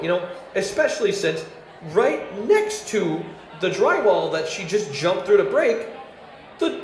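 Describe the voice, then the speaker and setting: A man doing a stand-up comedy monologue, rambling with fillers and restarts, laughing at his own jokes and acting out customer voices. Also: high voice. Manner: acts out angry and sweet customer voices. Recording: roomy ambience with faint noise.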